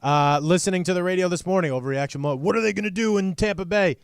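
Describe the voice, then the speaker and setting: A man's voice: high voice, fast talker, smooth, no room sound. Blunt sports-talk man, dry close mic. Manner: blunt, sarcastic, mimics fans in quotes. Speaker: sports podcast co-host.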